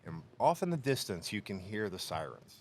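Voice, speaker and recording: Animated storytelling man, low voice. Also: moderate pace. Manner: animated storyteller, laughs often, acts out quotes. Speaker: podcast co-host. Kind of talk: casual storytelling. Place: workshop podcast room.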